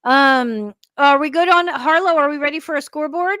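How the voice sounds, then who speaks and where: A woman's voice: high-pitched, moderate pace, a bit bright, dry recording. A woman co-hosting a paranormal talk show, chatty and upbeat as she addresses viewers. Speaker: co-host. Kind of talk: casual panel chat.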